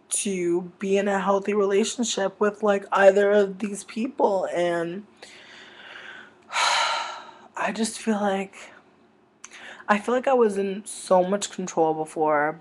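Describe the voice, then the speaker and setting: A livestream host telling a comic gossip story in a rambling, dramatic way, with many fillers and swear words, into a webcam microphone. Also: mid-range voice.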